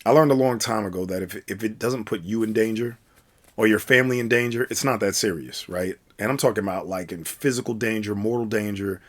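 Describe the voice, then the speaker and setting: A man's voice: lowish voice, brisk. A man telling a casual personal story, rambling with many fillers and restarts. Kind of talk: casual spoken anecdote.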